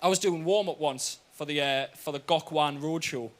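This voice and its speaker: A young man with a Geordie accent performing stand-up comedy, telling a story with lively "right?" asides. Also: fairly high pitch, normal speed, a loud crowd, heavy background noise. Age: young adult.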